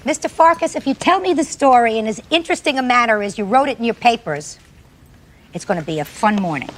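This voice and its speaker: A woman presiding as a TV courtroom judge, brisk, commanding and dryly sarcastic toward the litigants. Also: a little high, lively intonation, slight background noise. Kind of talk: televised courtroom proceedings. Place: TV courtroom set.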